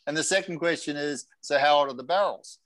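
A man's voice: on the high side, fairly quick, dry recording, low-quality recording. A man hosting a casual chat, telling stories and quoting people with energy. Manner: storytelling, animated quoting. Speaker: host.

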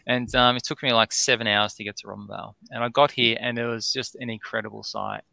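Excitable Australian man, gravelly and bright. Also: mid-range voice, fast talker, no echo. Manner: rambling, excitable, lots of "um" and "right?". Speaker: distillery founder, guest. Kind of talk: storytelling in a podcast chat.

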